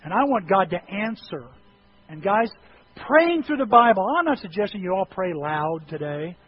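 A pastor preaching a sermon, moving from quiet, conversational talk to impassioned shouting and acting out prayers. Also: male voice, sits high, expressive, moderate pace. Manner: acts out prayers and dialogue. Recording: dull lo-fi with faint noise.

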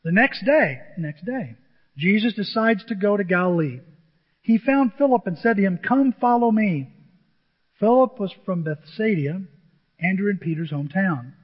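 A pastor preaching a lively sermon to his church, acting out quotes in different voices. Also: sits high, normal speed, breathy edge. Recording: dull lo-fi sound with long hall reverb.

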